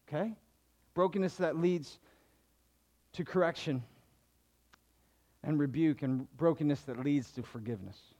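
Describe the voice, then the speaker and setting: A male pastor preaching a sermon to a congregation, animated, acting out the people in his stories with big swings in his voice. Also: a little high. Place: church hall before a congregation.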